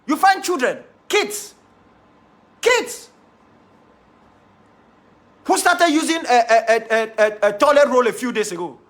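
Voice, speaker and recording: A man's voice: very high voice, lively intonation, a little fast, few pauses, a bit bright. A man with a Cameroonian English accent giving a defiant, impassioned monologue to his followers, repeating key phrases for emphasis. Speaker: activist leader addressing followers.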